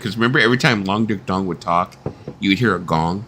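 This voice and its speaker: A man's voice: low-pitched, quick pace, pushed and bright, slight background noise. A middle-aged man hosting a casual live-stream chat, swearing freely, laughing often and slipping into voices when he tells stories. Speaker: host.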